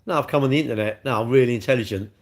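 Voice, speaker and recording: A man's voice: medium pitch, racing. A middle-aged man hosting a casual livestream, chatting and answering viewer comments with swearing and rhetorical questions. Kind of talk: casual chat.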